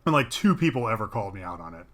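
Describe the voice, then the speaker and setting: A man's voice: fairly low pitch, very animated, rapid-fire, a bit bright. A man in his thirties co-hosting a podcast, telling wry, self-deprecating anecdotes in casual chat. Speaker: podcast co-host.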